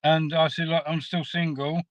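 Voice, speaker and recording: A man telling a story in a rambling, halting way, full of restarts, as a guest in a casual chat. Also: fairly high pitch, flat delivery, dry recording, poor audio. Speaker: guest caller.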